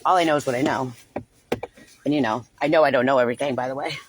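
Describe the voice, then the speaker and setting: A woman's voice: very deep voice, fairly even intonation, quick pace, background noise. A woman talking unscripted on a livestream, rambling and agitated, with frequent swearing. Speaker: livestream host.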